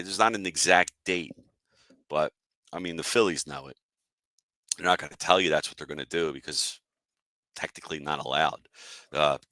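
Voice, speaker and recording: A sports podcast host from the Philadelphia area goes on a casual, fired-up rant, annoyed and talking to his chat viewers. His voice is low with a bright, forceful tone. The recording is dry.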